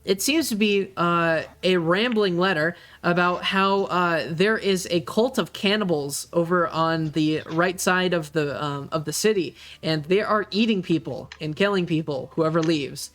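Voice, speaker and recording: A man's voice: high-pitched, a little slow, a bit bright. A man narrating a tabletop game as game master, rambling with many fillers.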